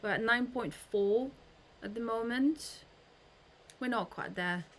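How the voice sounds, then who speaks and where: A chatty woman with a fairly high voice hosts a casual live stream. She thinks aloud as she goes and often restarts her sentences mid-thought. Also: takes it slowly, a bit bright, slight background noise.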